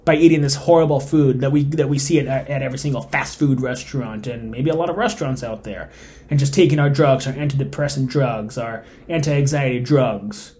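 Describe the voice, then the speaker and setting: A man hosting a solo podcast, giving emphatic, opinionated commentary that swings between loud stressed points and quiet asides. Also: medium pitch, brisk. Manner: suppressing laughter while reading. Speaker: podcast host.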